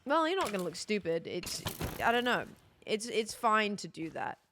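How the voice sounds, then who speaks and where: A woman's voice: mid-range voice, sing-song, normal speed, fairly bright tone, slight background noise. A young British woman streaming a game, chatting casually in a rambling, self-correcting way. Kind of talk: casual chat while gaming.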